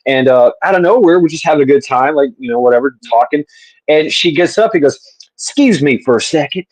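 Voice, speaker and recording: A man's voice: a little high, quick pace, no room sound, low-quality recording. A man from the southern US telling a rambling, laughing story in a casual online chat. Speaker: panel host.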